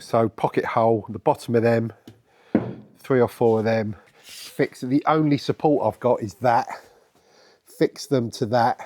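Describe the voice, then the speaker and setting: A man's voice: medium pitch, a little mellow. A man narrating his van conversion in a casual vlog, practical and dryly teasing. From England. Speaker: van build vlogger. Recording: background noise.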